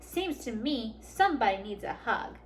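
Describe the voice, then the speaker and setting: A woman's voice: fairly high pitch, big pitch swings, moderate pace, slight background noise. A woman voicing an easygoing cowboy in a picture book read aloud. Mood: dry. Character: laid-back man, a cowboy.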